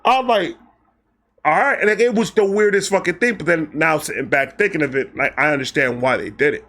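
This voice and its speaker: A man from Brooklyn tells a story. His voice sits a bit high, and he talks in a loose, profane, animated way, switching into voices for the people he quotes. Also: fairly quick. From Brooklyn, New York. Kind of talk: casual storytelling.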